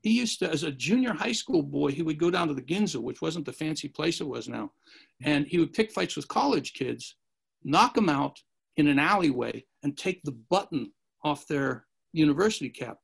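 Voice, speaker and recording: A man's voice: a little high, expressive, moderate pace, vocal fry, breathy edge. A man telling rambling martial arts anecdotes in a casual chat, acting out the quotes. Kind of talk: casual storytelling.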